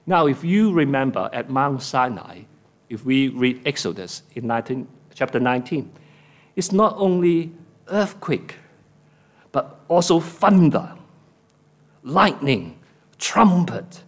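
A man's voice: big pitch swings, slow, long pauses. A man preaching a sermon, acting out biblical dialogue with rising, emotional delivery and slightly non-native English phrasing. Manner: acts out biblical speeches with rising emotional pitch.

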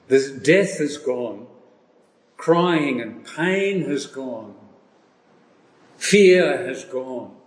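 A man preaching a sermon, reading scripture aloud slowly and with emphasis. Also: medium pitch, a little mellow. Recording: echoey hall with long reverb.

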